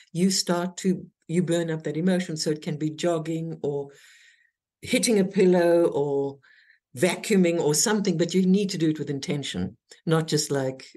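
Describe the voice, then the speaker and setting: A woman's voice: fairly low pitch, warm tone. A woman, a guest teacher, talking earnestly in an interview and explaining her ideas step by step. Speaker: guest, intimacy teacher and author. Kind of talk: interview conversation.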